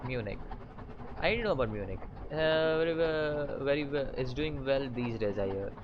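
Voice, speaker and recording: Man reading a story game aloud, casual let's-play host, mid-pitched voice, stumbling restarts, faint hiss behind. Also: expressive, lo-fi sound. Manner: halting reading with frequent fillers and restarts. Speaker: gaming channel host.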